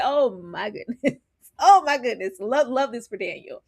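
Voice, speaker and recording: A woman co-hosting a casual TV recap, excitable and laughing often. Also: fairly high pitch, moderate pace. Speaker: podcast co-host.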